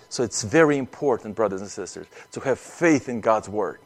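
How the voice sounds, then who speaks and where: A man's voice: lowish voice, lively intonation, moderate pace, hardly any pauses. A man preaching an earnest sermon, often acting out prayers and repeating words as he speaks.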